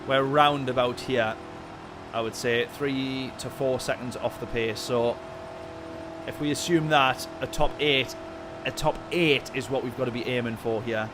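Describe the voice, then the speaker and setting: A man commentating live on a sim-racing stream, chatting with viewers in his chat and getting excitable in the race. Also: mid-range voice, a little slow, background noise. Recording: game music behind voice. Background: game music and car engine sounds.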